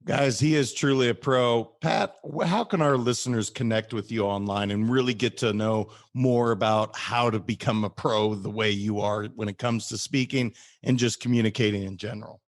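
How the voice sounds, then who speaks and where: A man's voice: on the low side, fairly even intonation, moderate pace, hardly any pauses. Enthusiastic male podcast host. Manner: enthusiastic, addresses listeners as "guys". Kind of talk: podcast interview.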